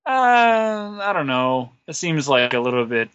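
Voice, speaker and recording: A man's voice: a little high, very animated, unhurried, fairly bright tone, smooth, no room sound, muffled recording. A man on a podcast as a guest, telling a rambling, self-deprecating story full of fillers. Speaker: podcast guest, wrestler and musician. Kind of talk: casual interview storytelling.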